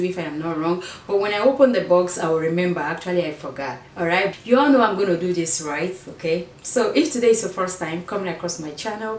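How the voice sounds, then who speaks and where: Chatty vlogger woman, African accent, lower voice, meandering talk, echoey room heard from a distance. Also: slight background noise. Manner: chatty and meandering, with frequent restarts. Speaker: fashion and beauty vlogger. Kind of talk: casual vlog chat to camera.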